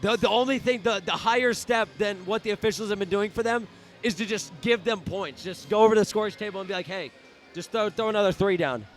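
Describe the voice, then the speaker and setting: A young man doing live play-by-play for a high school basketball game, often shouting in outrage at the referees. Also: fast talker. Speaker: student play-by-play commentator.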